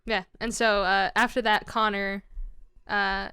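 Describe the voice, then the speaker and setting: A woman's voice: medium pitch, flat delivery, a little slow, bright, forceful tone, smooth, no room sound, studio quality. A young adult woman hosting a casual comedy podcast, rambling through stories with lots of fillers and giggles. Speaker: podcast host.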